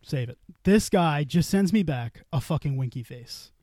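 A man's voice: a little high, animated, normal speed, dark tone, no echo, studio quality. A man telling a long story on a casual podcast, swearing freely and acting out the dialogue. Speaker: podcast co-host.

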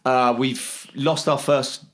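A man's voice: mid-range voice, level tone, slow. A man in his thirties, a guest talking frankly in a casual conversation, with many fillers and restarts. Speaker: podcast guest, bereaved father and teacher.

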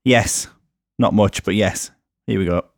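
A man's voice: fairly low pitch, measured pace, gravelly, background noise. A man co-hosting a casual film podcast, hesitant and full of restarts, reading out trivia. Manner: hesitant, restarts often, reads trivia aloud. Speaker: podcast co-host. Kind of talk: casual film review chat.

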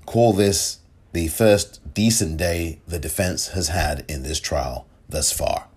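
Low voiced guy doing his political podcast, takes his time, keeps correcting himself. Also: darkish tone, husky. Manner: measured, rephrasing himself mid-sentence. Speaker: podcast host.

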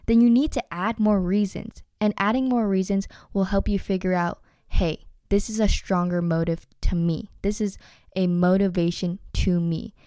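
A woman's voice: medium pitch, a little mellow, clear, resonant tone, no echo, clean studio sound. A young adult woman hosting a motivational podcast, talking earnestly and encouragingly to her listeners. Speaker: podcast host.

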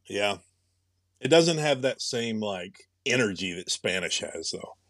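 A young man co-hosts a podcast in casual chat, his lowish, slightly bright voice expressive and unhurried. He muses and rambles, restarting his thoughts frequently. The audio is clean studio sound without any room noise.

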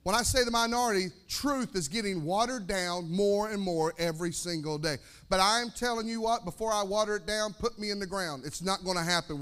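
A man preaching a sermon as pastor, energetic, repeating phrases and calling for amens. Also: sits high.

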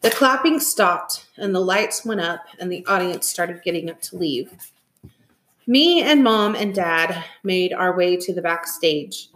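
A woman reading a novel aloud in an expressive, animated way. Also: fairly low pitch, a little slow, slight background noise. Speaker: reader. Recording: echoey room.

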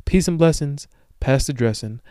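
A young man hosting his own podcast, ranting jokingly in slang and swinging between loud bursts and low mutters. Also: normal speed, clear, resonant tone, no echo, studio quality. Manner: profane, joking rants with slang. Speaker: podcast host. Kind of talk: solo podcast monologue.

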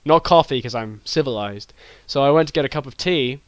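A young British man telling a rambling, deadpan comedy story with many restarts, as a podcast co-host. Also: mid-range voice, fairly quick, smooth, no echo. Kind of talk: improvised comedy chat.

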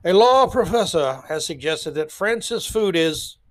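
A man's voice: fairly high pitch, animated, unhurried, no echo. A man hosting a solo commentary podcast, sarcastic and rambling with blunt asides. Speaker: podcast host.

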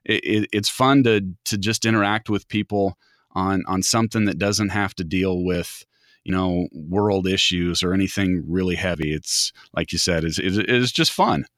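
A man's voice: low voice, moderate pace, a bit bright, no echo, studio quality. A man from the American Midwest chatting casually as a podcast guest, rambling and often restarting his words. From Midwest United States. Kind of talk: casual chat.

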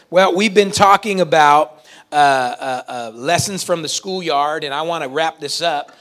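A man pastor talking in a relaxed, chatty way to his congregation in a church, thanking them before his sermon. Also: a little high, normal speed. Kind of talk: sermon opening, casual remarks to congregation. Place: church sanctuary.

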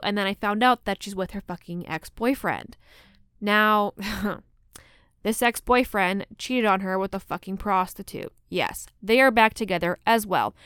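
A woman's voice: medium pitch, fairly bright tone, smooth, no room sound, studio quality. A woman in her twenties hosting a casual solo podcast, telling stories bluntly with plenty of swearing and frequent laughs. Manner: blunt, profane and laughing often. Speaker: podcast host.

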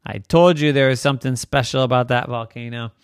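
A storyteller voicing a calm, matter-of-fact neighbor in a lower, steady voice during a bedtime story. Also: a little fast, smooth, dry recording, clean studio sound, lightly acted. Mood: reassuring. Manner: low, steady, reassuring voice.

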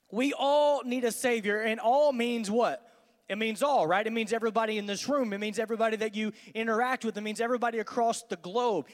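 A man, a student pastor giving an energetic, conversational youth sermon in a large church hall. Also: high-pitched, a little fast. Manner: energetic, conversational, acts out dialogues. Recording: long hall reverb.

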